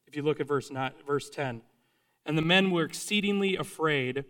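A man's voice: on the high side, moderate pace, a bit bright. A man preaching a sermon in an earnest, conversational way, sometimes restarting his sentences.

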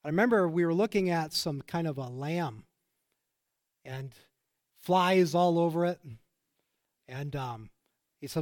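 A middle-aged pastor preaching with earnest emphasis and a slightly higher-than-usual man's voice. He leans into his points and tells personal stories along the way. The sound is dry and close, with little room echo. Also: moderate pace, long pauses. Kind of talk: sermon.

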